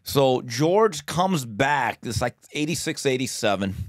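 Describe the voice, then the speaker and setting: A man's voice: medium pitch, unhurried, no echo, studio quality. A man hosting a podcast, telling boxing stories in casual chat and acting out the people he quotes. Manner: animated storyteller, acts out quotes loudly. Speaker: podcast host.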